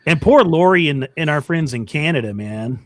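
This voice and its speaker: This is a man running a live call-in style chat show. His voice sits a little high and swings widely in pitch. The sound is close and dry, with no room around it, and he laughs and agrees readily. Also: expressive, normal speed, no room sound. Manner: laughs easily, agreeable and chatty. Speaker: host of a live talk show.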